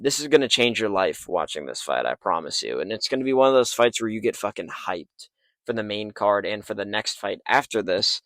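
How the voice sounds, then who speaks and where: A man's voice: on the low side, a bit bright, no room sound. A man giving casual fight predictions in a profane, hyped, rambling way, recording late at night in a parking lot on a failing microphone. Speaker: MMA YouTuber.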